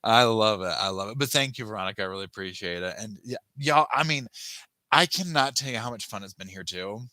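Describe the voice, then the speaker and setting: A man with a lowish voice and a very bright, forceful edge hosts a casual live chat. He rambles and cuts himself off mid-sentence, and he thanks viewers by name as he goes. The sound is dry and close, with no room echo. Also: brisk. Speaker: livestream host.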